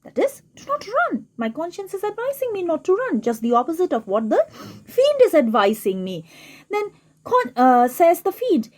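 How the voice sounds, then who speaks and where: A woman's voice: very high-pitched, huge pitch swings, moderate pace, darkish tone. A woman teacher giving a literature lesson, explaining a play line by line and often repeating and rephrasing her words.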